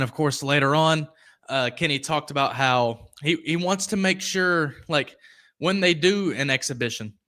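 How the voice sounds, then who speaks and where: Reading viewer comments aloud and wandering onto tangents, a young sports podcast host keeps his live-stream commentary casual. His voice is medium in pitch, bright, and forceful.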